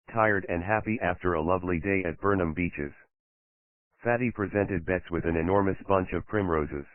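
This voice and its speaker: A man narrating a children's mystery audiobook in an even, measured reading, voicing the characters lightly. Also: low voice, dry recording. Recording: tinny, dry lo-fi recording.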